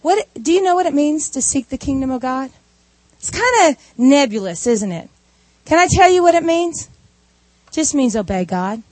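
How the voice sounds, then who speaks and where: A woman giving a sermon, telling stories in a lively way with asides. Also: high voice, no echo. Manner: animated storytelling with asides. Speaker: preacher.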